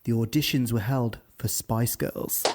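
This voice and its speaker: A man's voice: mid-range voice, measured pace, a little mellow. Chatty English man hosting a gossip show. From England. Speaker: podcast host. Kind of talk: casual gossip chat.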